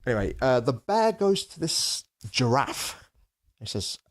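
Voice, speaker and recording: A man's voice: medium pitch, big pitch swings, normal speed. A man co-hosting a comedy podcast, telling a story in a mock-serious murmur. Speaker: podcast co-host. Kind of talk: deadpan comic podcast banter.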